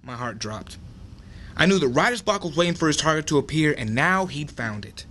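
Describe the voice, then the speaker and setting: A man's voice: fairly high pitch, animated, a little fast, bright, forceful tone. A young man reading his own dramatic story aloud at an open mic.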